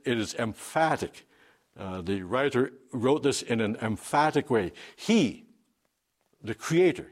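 A man preaching an unscripted sermon, emphatic, with fillers and restarts. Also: fairly low pitch.

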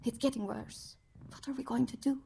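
An actress playing a worried mother who must send her young son away, speaking in a hushed, anxious way. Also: a little high, steady tone, normal speed, vocal fry, a little hiss or hum. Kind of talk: radio drama acting.

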